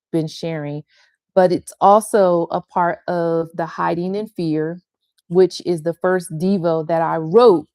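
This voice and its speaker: Older woman, pastor leading an online devotional. Tender, repeats lines for weight; lower voice, dry close mic. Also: darkish tone, dry recording. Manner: tender and confessional, repeating phrases for emphasis. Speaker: pastor and women's ministry leader. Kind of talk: heartfelt devotional teaching on a livestream.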